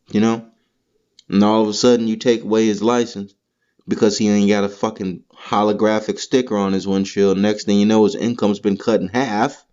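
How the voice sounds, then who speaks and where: A man's voice: on the low side, darkish tone. A man hosting a podcast, delivering a heated, profane, rambling comedic rant. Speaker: podcast host. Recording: dull lo-fi recording.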